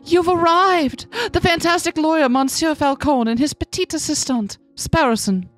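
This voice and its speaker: A woman's voice: high voice, normal speed, a bit bright, faint music behind. A woman voicing a naive, polite young noblewoman in a video game playthrough. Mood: earnest.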